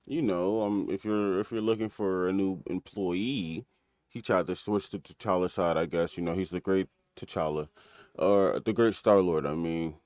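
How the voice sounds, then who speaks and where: A man's voice: low voice, fairly even intonation, a little slow, darkish tone, no room sound. Rambling casual male streamer, dry close sound. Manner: loose and rambling, lots of fillers and laughs. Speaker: streamer recapping an episode. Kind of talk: casual episode breakdown.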